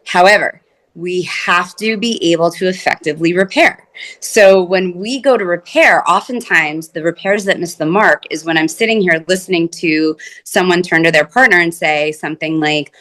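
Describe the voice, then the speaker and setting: A woman's voice: lowish voice, moderate pace, fairly bright tone. A woman couples therapist speaking in an interview, earnest and explanatory, often acting out the words of her clients. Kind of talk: conversational interview.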